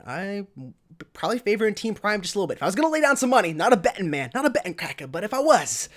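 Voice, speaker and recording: A man's voice: high-pitched, sing-song, racing. A man casting an esports match in a casual, joking way with rambling asides. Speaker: esports caster.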